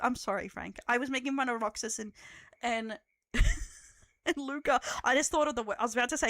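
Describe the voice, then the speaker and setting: A woman's voice: on the high side, animated, normal speed, pauses often, fairly bright tone, no echo. A young Australian woman streaming live, chatting casually with her viewers, laughing often and swearing as she teases.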